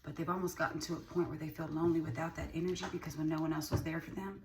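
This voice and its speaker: This tarot reader has a deep voice and a steady tone, and she talks very fast. Her casual reading is emphatic and full of repeated lines and cursing, picked up by a distant mic amid ambient noise.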